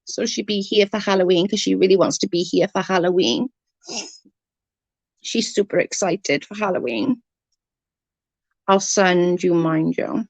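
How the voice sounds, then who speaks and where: A woman's voice: lowish voice, a little slow, pauses often, no room sound, muffled recording. Woman ranting on her live stream, fed up and sweary, dry close sound. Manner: exasperated, ranting, swears freely. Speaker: live streamer reading chat comments. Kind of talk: casual livestream rant.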